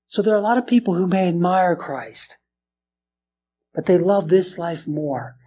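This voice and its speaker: A man preaching a sermon as pastor, animated, dropping to quiet earnest lows and climbing to raised, exclaiming passages, often restarting and repeating words. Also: brisk, husky. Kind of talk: expository sermon.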